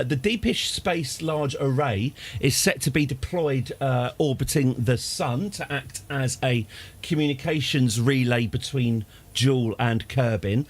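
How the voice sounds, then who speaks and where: Man, husky, animated pitch, rambling live game commentary, ranty and self-deprecating. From United Kingdom. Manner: chatty, self-deprecating, prone to rants and restarts. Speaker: streamer.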